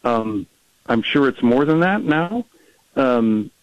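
A man, a policy researcher, talking fast as a guest in a radio interview, with many restarts and fillers. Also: medium pitch, expressive, dry recording, muffled recording.

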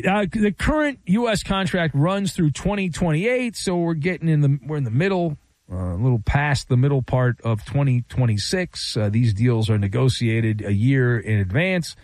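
A man's voice: on the high side, dry recording. Guy doing sports radio, sarcastic and skeptical, voice jumps all over, dry close sound. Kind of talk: sports talk radio monologue.

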